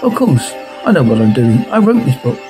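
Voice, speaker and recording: A man voicing a cold, scheming woman who wrote an evil book, speaking smug and calm over music. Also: mid-range voice, fairly quick, natural voice. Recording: music playing underneath.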